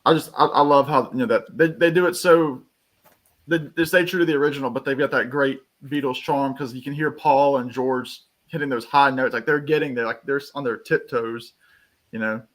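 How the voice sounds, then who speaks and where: Male co-host, casual live-stream chat, mid-pitched voice, rambling, eager, mimics snippets. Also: steady tone, fairly quick, a bit bright.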